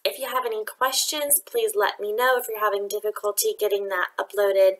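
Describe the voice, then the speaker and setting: A woman's voice: medium pitch, steady tone, fairly quick. A woman music teacher giving a remote rhythm lesson to children, patient and sing-song as she demonstrates long and short beats.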